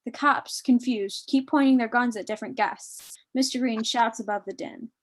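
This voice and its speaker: A woman reading the stage directions in a live online script reading, clear and steady. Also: a little high, normal speed. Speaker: narrator of the stage directions and co-host.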